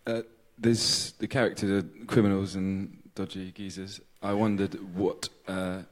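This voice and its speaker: A man in the audience asking a question haltingly. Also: deep voice, level tone.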